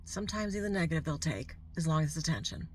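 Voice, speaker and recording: A woman's voice: deep voice, fast, a little hiss or hum. A middle-aged woman vlogger telling a personal story to camera, candid and heartfelt, with asides to the viewer.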